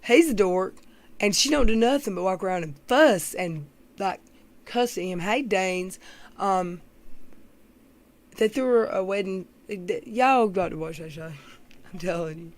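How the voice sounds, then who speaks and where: A woman's voice: medium pitch, measured pace, long pauses. A woman hosting a livestream, chatting casually with viewers in a blunt, rambling, gossipy way. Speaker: livestream host. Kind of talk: casual chat with live viewers.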